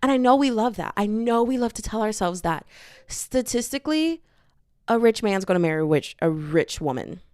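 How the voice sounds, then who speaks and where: A woman's voice: medium pitch, expressive, normal speed, a little mellow, dry recording, studio quality. A young woman hosting a podcast, talking casually in a slangy, chatty way and acting out the people she quotes. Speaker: podcast host. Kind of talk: casual commentary monologue.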